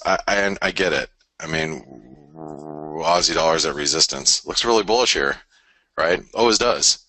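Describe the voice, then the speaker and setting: A man with a very deep, forceful voice hosts a live forex webinar in the early morning, sounding tired after an early start. He rambles in a casual way, full of fillers and restarts, and he repeats his key phrases. The recording is close and dry. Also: normal speed, no room sound. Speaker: forex trading webinar host.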